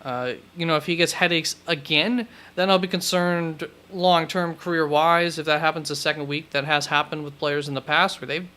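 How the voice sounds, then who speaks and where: A man with a fairly high, bright and forceful voice hosts a live stream from what sounds like a home studio. His tone is smooth and crisp as he chats casually and thinks aloud, often stopping to correct himself. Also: fairly even intonation, moderate pace, hardly any pauses. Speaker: fantasy football host. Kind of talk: live-stream chat answering questions.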